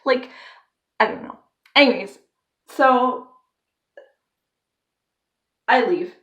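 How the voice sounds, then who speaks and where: A woman's voice: fairly high pitch, drawn-out words, fairly bright tone. A young woman telling a story on her vlog, rambling and filling her talk with "like.". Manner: rambling, filler-heavy with constant "like". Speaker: vlogger.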